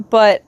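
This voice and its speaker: An American woman with a light Southern accent, rambling casually to her stream while she draws, talking to herself with quick bursts of excitement. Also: no echo. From United States. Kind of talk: casual live-stream chat while drawing.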